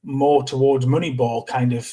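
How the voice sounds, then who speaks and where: Man, podcast co-host, monotone, hesitant, repeats words, casual chat. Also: mid-range voice, moderate pace, slightly rough.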